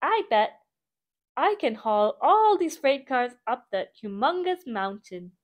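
A woman's voice: on the high side, very animated, slow pace. A woman voicing an eager young boy steam train who boasts in a bouncy way. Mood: boastful.

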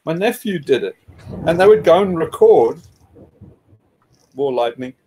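A man's voice: a little high, expressive, unhurried, mellow, a little hiss or hum. A man telling a personal story in casual conversation, rambling with restarts, chuckling now and then and swearing.

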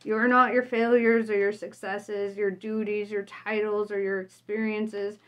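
A woman's voice: medium pitch, flat delivery, a little slow, a bit bright, smooth. A woman vlogger reading her own reflection aloud casually, blunt, often laughing and tagging lines with "right?".

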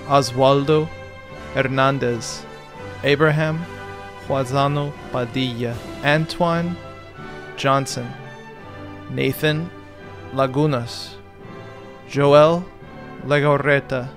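A man reads out the graduates' names at a slow, deliberate pace. Soft music plays faintly behind him. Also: mid-range voice. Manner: slow, deliberate name reading. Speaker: advisor reading graduates' names. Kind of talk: reading names aloud.

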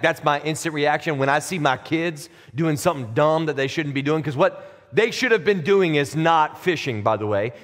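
Conversational preacher in a reverberant hall. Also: male voice, a little high, a bit bright. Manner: conversational preaching, rising emphatic peaks. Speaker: pastor. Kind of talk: sermon. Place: church sanctuary.

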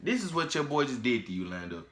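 A man hosting a reaction video, talking casually and trash-talking excitedly, often repeating himself. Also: medium pitch, quick pace, noisy background. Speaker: YouTube reaction host.

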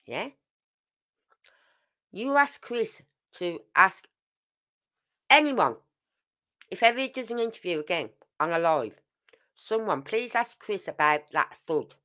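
Older woman, true crime host, casual commentary, emphatic, rhetorical questions, lively swinging pitch.

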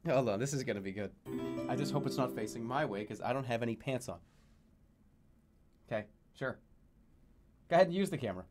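A man streaming a video game, reacting loudly, swearing and laughing at what happens on screen. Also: medium pitch, lively intonation, fairly quick, long pauses, soft background music. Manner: loud, exasperated, swearing and laughing. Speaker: streamer playing video games. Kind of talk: gaming commentary.

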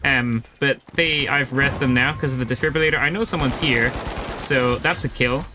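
A man's voice: mid-range voice, normal speed, noisy background. A young man giving casual live commentary while playing a video game, explaining his choices as he goes. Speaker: gaming YouTuber.

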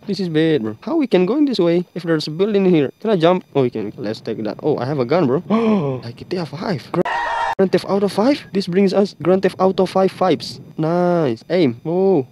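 A man giving casual, excitable commentary while playing a mobile game, exclaiming often and laughing at what happens. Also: high-pitched, slight background noise. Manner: excitable, exclaims often, calls the viewer bro.

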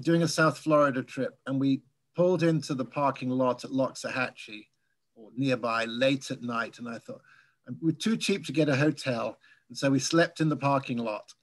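A man's voice: medium pitch, moderate pace. Englishman with a mid-Atlantic accent. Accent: English, softened by years in the US. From England. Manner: relaxed, chatty storytelling with light laughs. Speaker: guest speaker, birding tour leader. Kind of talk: casual Q&A after a talk.

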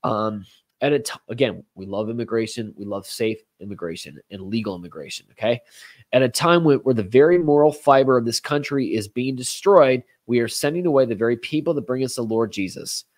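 A man's voice: mid-range voice, expressive, brisk. A man hosts a talk show, moving between commentary and reading a letter aloud. He speaks earnestly and presses hard on key words. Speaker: host.

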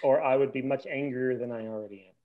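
A man co-hosting a podcast, ranting with animated indignation and stumbling restarts in casual chat. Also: medium pitch, quick pace, muffled recording. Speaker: podcast co-host.

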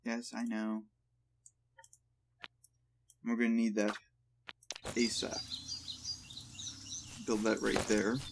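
A man hosting a let's play, thinking aloud in a relaxed way while he plays. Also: on the low side, takes it slowly, creaky, long pauses, noisy background. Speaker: gaming channel host.

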